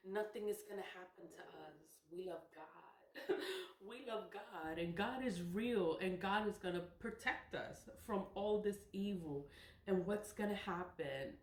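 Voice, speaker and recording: A woman in her forties talking casually and emphatically to camera, often breaking into laughter. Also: medium pitch. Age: 40s. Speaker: spiritual vlogger. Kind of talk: casual monologue. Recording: echoey room.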